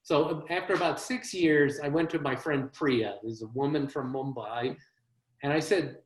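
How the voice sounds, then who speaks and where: A man's voice: fairly high pitch, normal speed. Wry self-deprecating man telling comic stories. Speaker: comedy writer giving a one-man show. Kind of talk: comic storytelling monologue. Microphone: video call. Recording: roomy echo.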